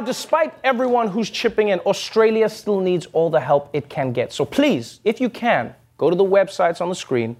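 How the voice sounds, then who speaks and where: A man's voice: fairly high pitch, darkish tone. A man hosting a late-night comedy show, delivering a sarcastic monologue with jokes and asides. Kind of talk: comic monologue.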